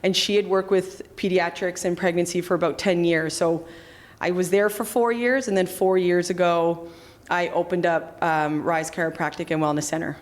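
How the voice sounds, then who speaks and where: A woman in her thirties with a slightly low voice talks through her career in an interview. She is chatty and casual, restarting sentences and dropping in fillers as she goes. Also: steady tone, normal speed. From Canada. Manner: chatty, many fillers and restarts, acts out quoted lines. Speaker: chiropractor and clinic founder.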